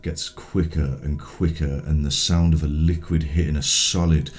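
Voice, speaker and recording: A man narrating a tabletop game as game master, setting each scene in a measured way with the odd filler. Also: very deep voice, little pitch movement, a little mellow.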